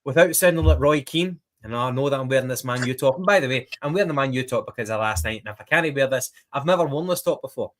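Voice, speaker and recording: A man talks casually on a football podcast. He hesitates with frequent ums and restarts, then gets animated recounting plays. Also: mid-range voice, quick pace, hardly any pauses. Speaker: podcast co-host.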